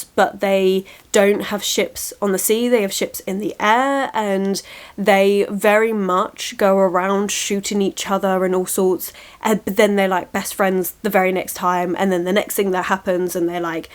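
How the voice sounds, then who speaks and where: A young woman chatting enthusiastically in a casual reading vlog, laughing often as she talks. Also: medium pitch. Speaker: book vlogger.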